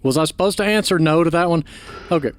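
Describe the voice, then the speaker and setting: A gaming channel host, a man with a fairly high voice, talks fast in let's play commentary as he reviews a game. His manner is chatty, critical, and offhand.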